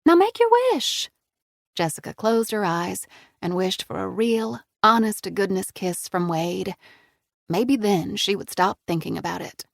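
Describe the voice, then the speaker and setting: A woman reads an audiobook in a steady, even middle voice, recorded close and dry with no room around her. She narrates with scripted care and changes her voice for the characters. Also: mid-range voice, measured pace, gravelly, no echo.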